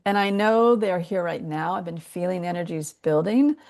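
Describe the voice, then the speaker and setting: A woman's voice: on the low side, moderate pace, few pauses, darkish tone. A woman hosting an interview, speaking in a heartfelt, earnest way. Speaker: interview host. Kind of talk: interview questions.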